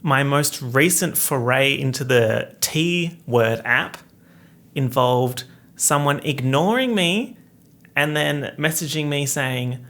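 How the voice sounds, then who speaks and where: A young man hosting a casual solo podcast, joking in a campy, sarcastic way with big swings in pitch, speaking into a studio microphone. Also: slow pace, a bit bright. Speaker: podcast host.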